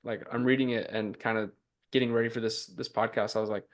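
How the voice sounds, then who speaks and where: A young man co-hosting a podcast, chatting in a relaxed, friendly way with plenty of fillers. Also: lowish voice, fast. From United States. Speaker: podcast co-host. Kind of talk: casual podcast chat.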